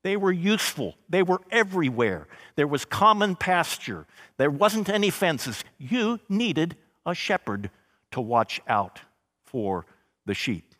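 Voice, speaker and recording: A man preaching a sermon, slow and emphatic, with dramatic pauses and scripture read aloud. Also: on the high side, big pitch swings, a bit bright, big-room sound. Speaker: pastor.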